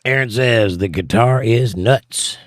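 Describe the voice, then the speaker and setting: A man's voice: mid-range voice, slow, no room sound, studio quality. A man hosting a casual livestream, reading viewer comments aloud and answering them with wry, joking asides. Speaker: livestream host reading chat.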